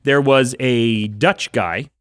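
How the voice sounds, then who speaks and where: A man's voice: mid-range voice, slow pace, fairly bright tone, clean tone, no room sound, clean studio sound. A man co-hosting a podcast, telling a history story in a casual, rambling way with fillers and a self-mocking humor. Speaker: podcast co-host. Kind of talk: casual chat.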